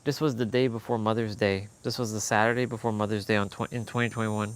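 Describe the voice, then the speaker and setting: A young fitness vlogger tells an emotional personal story candidly, swearing and quoting others in heated bursts. His lowish voice is clear and resonant, with fairly even intonation and a quick pace.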